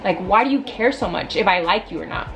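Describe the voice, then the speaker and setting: A woman in her twenties telling a storytime vlog in a blunt, casual, venting way, with animated asides. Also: fairly low pitch, quick pace, over music, rough recording. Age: 20s. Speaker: vlogger.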